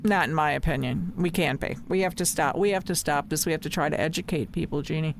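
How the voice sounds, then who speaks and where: A woman's voice: sits low, fast talker, creaky, a little hiss or hum. A woman hosting a podcast in casual talk, passionate and emphatic, often repeating her points. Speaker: podcast host.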